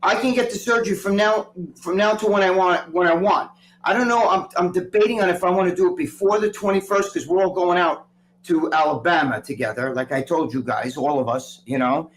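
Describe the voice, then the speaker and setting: A man co-hosting a live stream from home in casual chat, rambling and swearing in an excitable way. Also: high voice, brisk, low-quality recording. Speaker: co-host, former bodybuilder.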